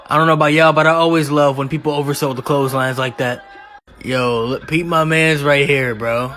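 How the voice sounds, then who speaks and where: Excitable bright-voiced man. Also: on the high side, fairly quick. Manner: excitable, laughing often, casual slang. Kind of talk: reaction video commentary.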